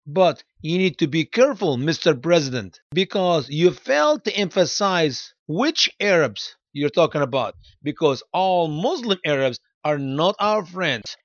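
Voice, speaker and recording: Emphatic high-voiced male preacher, lo-fi. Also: no echo. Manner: emphatic, lecturing, addresses the president directly. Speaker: program host and preacher. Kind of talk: religious broadcast commentary.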